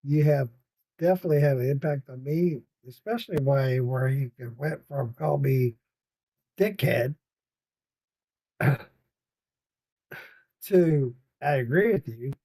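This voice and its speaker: A man's voice: mid-range voice, slow, pauses often, mellow, no room sound. Tired, rambling man hosting a late chat. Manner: rambling, swearing, laughing with viewers. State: tired, yawning. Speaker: podcast host reading live chat. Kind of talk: casual livestream chat.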